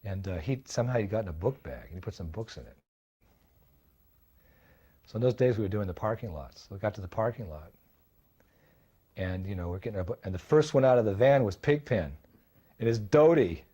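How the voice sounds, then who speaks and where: Older man, monk speaker, mellow husky voice, anecdotal storytelling. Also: lowish voice, animated, brisk, pauses often. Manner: anecdotal, full of fillers and acted quotes. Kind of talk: storytelling reminiscence.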